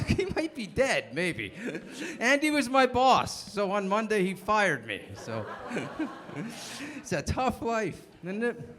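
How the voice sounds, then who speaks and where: Man, late thirties, stand-up comedian, rambling storytelling, high pitch, very animated delivery. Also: slow, pauses often. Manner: rambling, self-interrupting storyteller.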